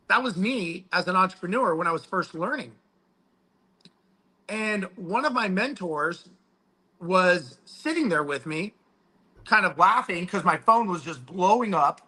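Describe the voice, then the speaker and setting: High, bright-voiced swearing storyteller man. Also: lively intonation, moderate pace, rough recording. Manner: profane, storytelling; emphatic, quotes his mentor. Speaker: guest speaker. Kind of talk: casual chat.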